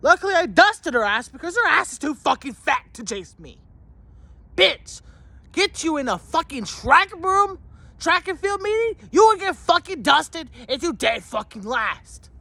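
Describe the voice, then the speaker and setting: A vlogger telling a story as an angry rant, swearing constantly and shouting at times. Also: high-pitched, very animated, unhurried, vocal fry, no echo.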